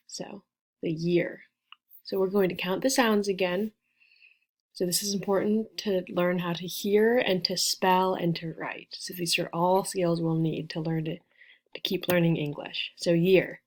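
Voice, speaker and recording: 20-something woman, esl teacher, talks real slow and patient, repeats words a lot. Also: fairly low pitch, darkish tone. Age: 20s. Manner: clear, patient, spells out sounds and repeats words. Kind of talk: slow beginner English lesson.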